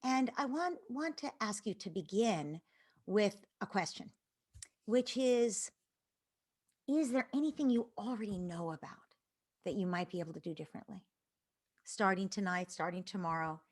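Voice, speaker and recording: A woman parenting educator giving a live online talk to parents, earnest, with phrases that trail off into breathy near-whispers. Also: medium pitch, lively intonation, moderate pace.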